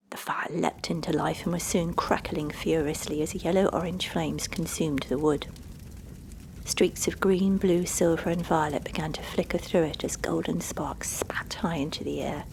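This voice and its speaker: A woman narrating a storybook in a soft, hushed, measured way. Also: low voice, fairly even intonation, creaky, in a whisper. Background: music.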